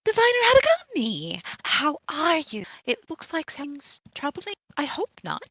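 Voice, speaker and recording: A woman doing a fluttery, nosy lady of society, gushing bright small talk with a crisp, tense tone and a lively pitch that swoops up and down. The voice sits dry and close, with a gravelly edge at the bottom. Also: normal speed, dry recording, lo-fi sound, heavily acted.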